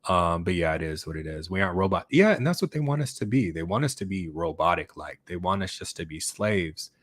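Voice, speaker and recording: A man with a very low, deep voice talks casually on his channel, rambling and restarting his sentences with lots of fillers. The sound is dry and close, with no room around it. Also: expressive, fairly quick, no room sound. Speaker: YouTube channel host. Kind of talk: casual livestream chat reading comments.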